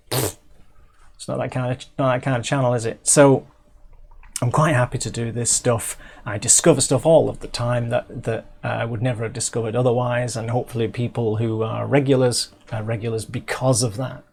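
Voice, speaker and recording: Gravelly-voiced english guy rambling thru a music video review, lots of ums and restarts. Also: medium pitch, fairly even intonation, normal speed, darkish tone. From England. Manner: chatty, self-interrupting, many restarts and fillers.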